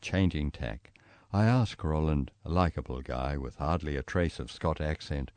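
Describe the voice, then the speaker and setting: A man with a New Zealand accent reading his travel memoir aloud, storytelling in a lively way. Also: moderate pace, no room sound. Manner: lively storytelling, voicing quoted people with raised pitch. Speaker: memoir reader.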